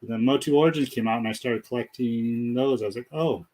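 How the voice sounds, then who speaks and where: A man's voice: mid-range voice, steady tone, quick pace, mellow, poor audio. A man guest talking candidly about his life in a nervous, self-deprecating way. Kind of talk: casual personal conversation.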